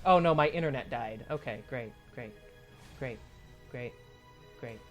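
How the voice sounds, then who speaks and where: A man's voice: medium pitch, measured pace, a bit bright, soft background music. A man running a tabletop game as dungeon master, joking, laughing and swearing casually.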